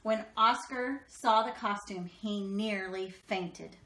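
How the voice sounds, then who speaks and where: Bright, expressive woman reading aloud. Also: mid-range voice, a little hiss or hum. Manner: expressive, slows down for drama. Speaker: storybook reader. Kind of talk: children's picture book read-aloud. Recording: echoey room.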